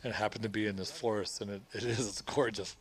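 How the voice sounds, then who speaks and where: A man's voice: on the low side, fairly even intonation, quick pace. A man, the film's director, giving rambling commentary full of restarts. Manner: rambling, with many restarts and fillers. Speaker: film director. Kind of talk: film commentary.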